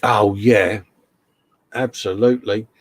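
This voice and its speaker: A British man hosts a casual model-building livestream from his home workshop, reading out viewer comments in a chummy, matey way and calling everyone mate. He speaks slowly in a lowish, breathy voice with fairly even intonation and a British English accent, on a dry recording.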